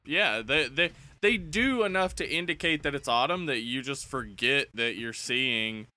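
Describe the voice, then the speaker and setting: A man's voice: medium pitch, pushed and bright. A man co-hosting a podcast, bantering and joking in casual chat about movies. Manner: jokey, banter-driven, quick asides. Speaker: podcast co-host.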